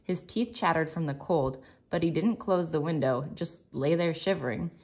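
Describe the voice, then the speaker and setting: A woman teacher reading a chapter of a novel aloud to her class in a calm, measured way. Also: low voice. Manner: calm, measured, soft-spoken narration.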